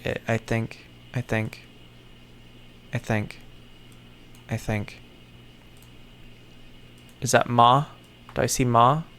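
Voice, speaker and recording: A man mutters and thinks aloud to himself in casual solo commentary. He talks slowly, with a gravelly, creaky voice and mid-range pitch, dropping sarcastic asides and offhand swearing. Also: fairly even intonation, a bit bright, slight background noise. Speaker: content creator. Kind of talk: casual solo commentary while puzzling something out.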